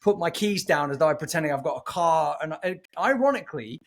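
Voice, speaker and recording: Male podcast host, fairly high voice, chatty, animated storyteller. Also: a little fast. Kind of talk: casual podcast chat.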